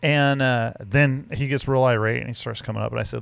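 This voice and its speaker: A man's voice: medium pitch, steady tone, fairly quick, creaky, few pauses, no room sound. A man co-hosting a podcast, telling a rambling, profane story in casual chat. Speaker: podcast co-host.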